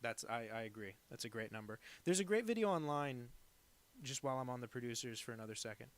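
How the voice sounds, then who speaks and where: A man's voice: mid-range voice, animated, fast talker. A man streaming live as he draws requests, chatting casually and rambling from one aside to the next, often poking fun at himself. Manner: rambling and digressive, with many fillers; self-deprecating. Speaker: cartoonist drawing viewer requests on a live stream.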